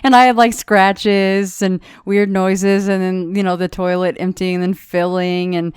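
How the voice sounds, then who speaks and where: A woman with a mid-range voice hosts a podcast in a relaxed, chatty way. She jumps in with playful asides and quick jokes. The recording is dry and close. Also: mid-range voice, clear, resonant tone, dry recording. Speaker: podcast host. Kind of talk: casual chat.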